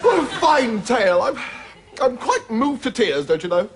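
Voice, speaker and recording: An actor playing a foppish, dim-witted young prince with a plummy, guffawing voice, in 1980s sitcom style. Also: male voice, very high voice, big pitch swings, moderate pace, noisy background, heavily acted. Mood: jolly.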